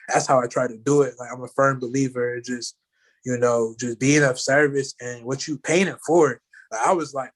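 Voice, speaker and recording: A man in a casual talk, recounting a story at an easy, middle-pitched level and wandering through it with many "you know" and "like" fillers. His delivery is loose and conversational. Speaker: guest.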